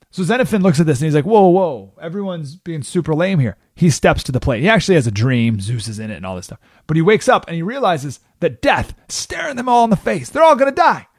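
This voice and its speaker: A male radio host tells a history story in a loose, conversational way, and his pitch climbs and drops a lot as he acts out quotes. His voice sits a little high for a man, and the sound is close and dry with no room echo. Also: fast talker. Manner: casual, animated storytelling, acting out quotes in voices. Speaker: radio talk show host. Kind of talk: radio monologue retelling history.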